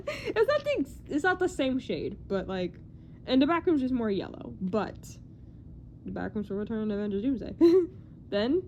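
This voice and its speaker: A young woman chatting casually in a vlog about movie news, excitable and rambling, often self-deprecating and full of "like". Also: high voice, normal speed, slight background noise.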